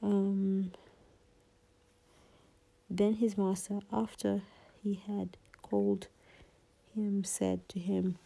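A woman in a whispered Bible reading and teaching, halting and often losing her place and rereading verses. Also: mid-range voice, little pitch movement, gravelly, mellow, poor audio.

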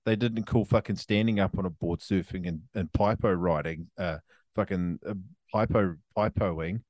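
A man's voice: deep voice, steady tone, moderate pace, a little mellow, dry recording. Swearing New Zealand man, dry close sound. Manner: swearing, laughing storyteller. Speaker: podcast co-host. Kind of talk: casual chat. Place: resort room, in person.

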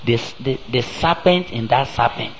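A man with a Nigerian English accent preaching a sermon, slow and emphatic, asking the congregation rhetorical questions and breaking into sudden loud rises. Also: mid-range voice, slight background noise, rough recording.

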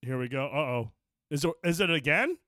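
A man's voice: a little high, expressive, fairly quick, sharp tone, dry recording, studio quality. A man co-hosting a podcast, chatting casually and telling rambling, profane stories. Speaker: podcast co-host. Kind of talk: casual chat.

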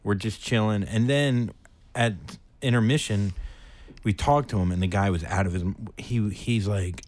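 A young man co-hosting a casual chat, telling a profane, animated story. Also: lowish voice, moderate pace, no room sound. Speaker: podcast co-host.

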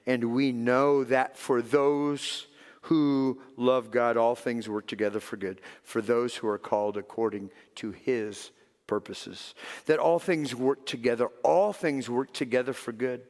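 A male pastor preaching a sermon, swinging between loud emphatic lines and soft hushed ones. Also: mid-range voice. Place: church sanctuary. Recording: long reverb of a large hall.

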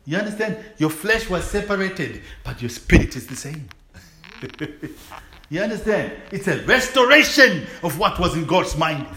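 A man delivers a sermon in a bright, ringing voice that sits a little high for a man. He keeps checking in with his listeners and breaks into laughter and joyful shouts. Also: sing-song, moderate pace. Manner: call-and-response questions, laughing, exuberant shouts. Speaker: preacher.

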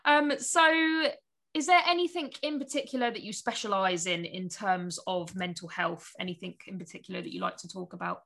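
A woman hosts a relaxed podcast chat in a bright, forward voice. She is agreeable and laughs easily, answering her guest with a steady stream of yeahs and absolutelys. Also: medium pitch, normal speed, creaky. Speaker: podcast host. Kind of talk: casual podcast interview.

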